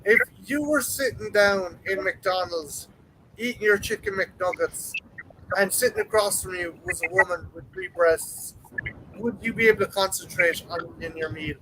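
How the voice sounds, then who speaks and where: A man in a casual joking stream chat, throwing in loud teasing questions. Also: high-pitched, moderate pace, slight background noise, rough recording.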